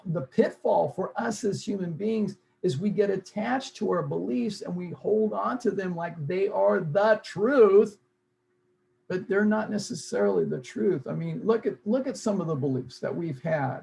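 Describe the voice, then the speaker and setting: A man's voice: high voice, a little slow, gravelly, dark tone, slight background noise, poor audio. A man leading a self-help seminar, earnest and repeating key phrases for emphasis. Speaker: seminar leader.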